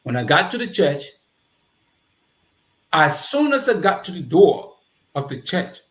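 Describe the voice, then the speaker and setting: A man with a Liberian accent tells a personal story as an interview guest and brings the people in it to life by voicing their lines. His voice sits a little high. The recording has a noticeable roomy echo. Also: measured pace. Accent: Liberian English. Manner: animated, acts out quoted dialogue. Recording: roomy echoey room.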